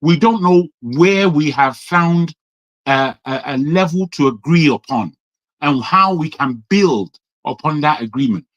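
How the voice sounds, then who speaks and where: A man's voice: a little high, animated, measured pace, fairly bright tone, dry recording, lo-fi sound. A man from Nigeria ranting in a live online debate, exasperated, swearing and repeating himself for emphasis. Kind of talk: heated debate rant.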